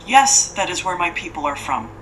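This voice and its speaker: A woman's voice: fairly low pitch, sing-song, normal speed, fairly bright tone, recorded from a distance, a little hiss or hum, poor audio. A woman voicing a cold, aloof lady who means to fatten and eat a child, speaking stiffly and formally.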